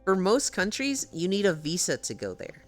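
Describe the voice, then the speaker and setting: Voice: mid-range voice, wildly swooping pitch, normal speed, a bit bright, faint music behind. A young adult streamer from the United States, chatting casually at home with viewers, laughing often and swearing freely. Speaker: live streamer. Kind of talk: casual live-stream chat, answering chat.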